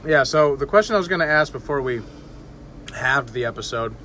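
A man hosting a podcast with a lively, swinging delivery. He is joking and crude, quick to swear. Faint noise hangs behind him. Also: medium pitch. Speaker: podcast host. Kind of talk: casual chat.

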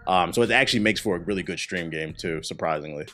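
A man co-hosting a casual gaming podcast, telling animated stories and swearing freely. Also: sits low, fast, soft background music. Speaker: podcast co-host. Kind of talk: casual chat.

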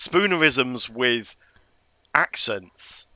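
A man co-hosting a podcast, chatting wryly about a film in a halting way. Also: medium pitch, lively intonation, sharp tone, no echo. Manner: wry, halting, with many restarts. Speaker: podcast co-host. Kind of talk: casual film discussion.

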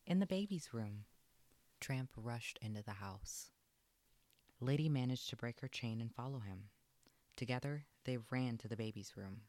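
A man narrating a children's storybook aloud in an expressive, lilting read. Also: medium pitch, normal speed, no room sound.

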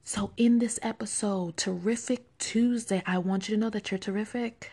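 A woman hosting a podcast, leading listeners through guided affirmations in a slow, deliberate, encouraging way, often dropping to a soft whisper. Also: medium pitch, fairly even intonation, slightly rough. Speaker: podcast host.

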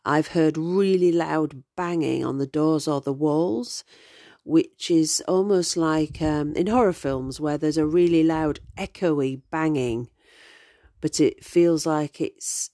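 A woman's voice: sits low, slow pace, warm tone, no echo, clean studio sound. A woman in her forties, a podcast host telling stories in a chatty, digressive way with many ums. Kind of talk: casual storytelling.

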